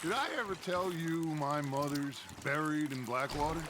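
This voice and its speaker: An actor playing a middle-aged, charismatic gang leader who talks in an expansive, theatrical way in a game. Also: male voice, a little high, moderate pace, natural voice. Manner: expansive, theatrical, fond storytelling. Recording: game audio with loud background noise.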